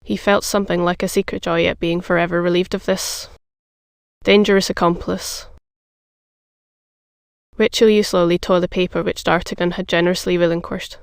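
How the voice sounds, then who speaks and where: A narrator reads a classic adventure novel in an even, measured voice with a gravelly edge. The delivery stays flat and smooth. The sound is dry and close, with no room around it. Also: medium pitch, no room sound. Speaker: audiobook narrator. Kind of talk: scripted narration.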